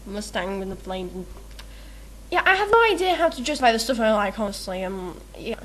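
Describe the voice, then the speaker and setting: A woman's voice: medium pitch, sing-song, fairly quick, fairly bright tone. A woman rambling through a questionnaire in casual chat, giggly and self-mocking, with lots of ums and uhs. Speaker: video maker answering a meme questionnaire.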